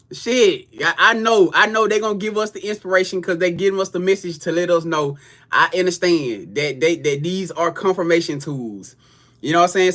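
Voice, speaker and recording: A man's voice: sits high, bright, forceful tone. A man reading tarot on a livestream, talking loose and profane straight to his viewers. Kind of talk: casual livestream chat.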